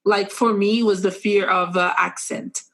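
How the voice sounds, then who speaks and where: Animated woman host, playful and laughing. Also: mid-range voice, normal speed. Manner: animated, laughs often, bursts into playful acted quotes. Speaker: podcast host. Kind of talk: casual podcast chat.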